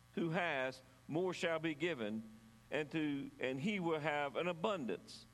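A man preaching a sermon, reading scripture aloud and then explaining it in an earnest, measured way, sometimes halting and restarting his words. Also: a little high, big-room sound. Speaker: pastor.

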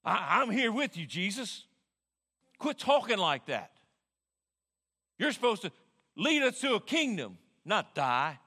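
A man's voice: high voice, big pitch swings, a little slow, long pauses, bright, forceful tone, husky, heavily acted. A preacher voicing a brash, burly male fisherman disciple who talks in a blunt, demanding way. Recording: long hall reverb.

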